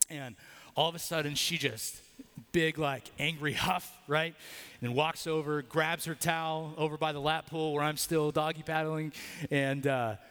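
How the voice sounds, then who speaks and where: A man's voice: on the high side, fairly even intonation, measured pace, fairly bright tone, clear, resonant tone, big-room sound. A man preaching a sermon in a church, telling a personal story with casual fillers and leading a prayer. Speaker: pastor. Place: church building.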